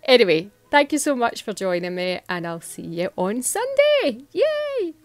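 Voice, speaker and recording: A woman's voice: mid-range voice, huge pitch swings, moderate pace, no room sound. A Scottish woman chatting through a nail art tutorial in a casual, giggly, self-deprecating way.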